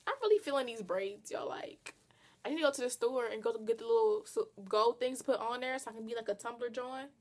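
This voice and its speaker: A young woman talks straight into her camera in a loose, slangy vlog style. Her voice sits a little high, and she teases herself as she chats along. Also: fairly quick. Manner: playful, chatty, slangy and self-teasing. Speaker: vlogger. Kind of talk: casual vlog chat to camera.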